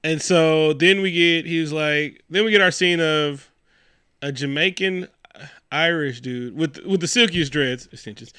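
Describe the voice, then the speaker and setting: A man's voice: a little high, unhurried, pushed and bright, clear, resonant tone, dry recording, studio quality. A man co-hosting a casual movie review chat, rambling and laughing, swearing and acting out the characters. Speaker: podcast co-host.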